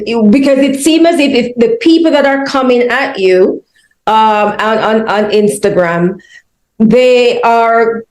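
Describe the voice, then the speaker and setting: Higher-voiced woman interviewer, hesitant and rambling, recorded in an echoey room. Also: a little mellow. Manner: hesitant, lots of fillers. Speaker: host, interviewer. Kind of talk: conversational interview questions.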